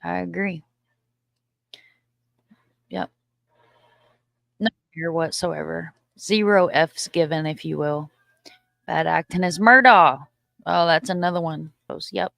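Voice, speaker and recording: Taking it slowly with long pauses, a creaky, slightly bright medium-pitched voice reads out viewer comments on a livestream and replies casually, frequently agreeing in short repeated words and voicing blunt opinions. The recording is clean studio sound without echo.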